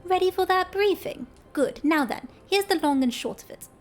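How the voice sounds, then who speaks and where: This is a courteous, formal female innkeeper from a video game, read aloud by a woman. The high voice stays polite and measured. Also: lively intonation, faint music behind. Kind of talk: reading game dialogue aloud.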